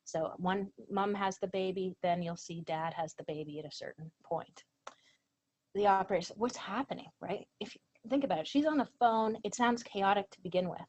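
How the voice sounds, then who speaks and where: A woman's voice: mid-range voice, moderate pace, a little mellow, a little hiss or hum, low-quality recording. A woman presenting a training lecture, earnest and emphatic. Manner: earnest, emphatic, reads out quoted lines.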